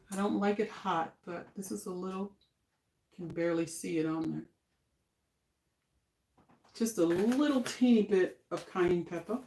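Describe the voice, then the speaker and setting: An older woman chatting casually on a home cooking live stream, homey and relaxed, talking while she eats. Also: mid-range voice, roomy sound, slight background noise. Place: home kitchen.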